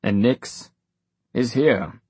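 A man voicing a world-weary male warlock who speaks in a dry, flat way. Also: mid-range voice, extremely slow, husky, no echo. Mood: wry.

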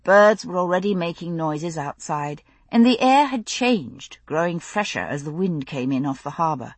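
A woman narrating a novel in an intimate, unhurried storytelling voice on a close studio mic. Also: lowish voice, expressive, no echo. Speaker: audiobook narrator. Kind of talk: scripted narration.

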